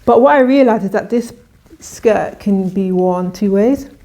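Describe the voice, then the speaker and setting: A woman's voice: medium pitch, measured pace, warm tone. A woman vlogger talking casually and enthusiastically through a clothing try-on haul, often restarting her sentences. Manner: chatty, enthusiastic, with frequent restarts.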